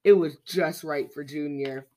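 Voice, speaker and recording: A podcast storyteller reading a children's picture book aloud with a lively, expressive delivery. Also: medium pitch, unhurried.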